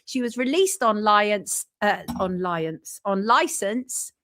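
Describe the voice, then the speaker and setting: A woman hosting a casual live show, chatting warmly with her audience and reading out viewer comments in an animated way. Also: mid-range voice, takes it slowly. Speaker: journalist and show host.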